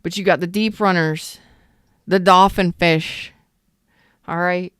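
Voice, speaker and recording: A woman's voice: lowish voice, steady tone, slow, a bit bright, clear, resonant tone, no echo, studio quality. A woman hosting a live tarot reading, casual and emphatic, repeating phrases and chatting with viewers. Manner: talks to viewers in the chat.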